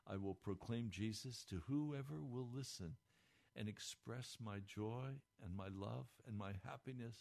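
A man giving a radio devotional, speaking fervently, his pitch climbing when moved, recorded in a radio studio. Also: gravelly, a little mellow. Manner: fervent, rising pitch with emotion. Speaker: radio preacher.

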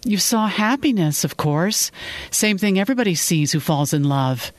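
A narrator voicing a gentle, lonely middle-aged father who speaks softly and affectionately, a little hesitant. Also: mid-range voice, lively intonation, moderate pace, no echo, lightly acted. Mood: tender. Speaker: character in a read story.

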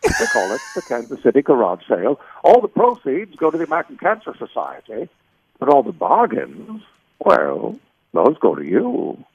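A man's voice: mid-range voice, wildly swooping pitch, normal speed, creaky, breathy edge, heavily acted. A man voicing a seventy-five-year-old New England man with a New England accent, reading a folksy commercial over a phone line. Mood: folksy pitch.

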